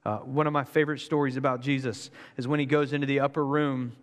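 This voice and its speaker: A man preaching a sermon in an energetic, joking, conversational way. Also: mid-range voice, fast talker, in a large hall. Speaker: pastor.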